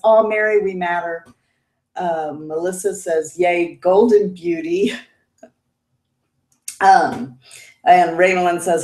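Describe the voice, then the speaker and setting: A woman's voice: on the low side, a little mellow, echoey room. A woman in her fifties, chatty and emotional, laughing often as she reads viewer comments aloud on her beauty livestream. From Indiana, United States. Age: 50s. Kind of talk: casual livestream chat, reading viewer comments.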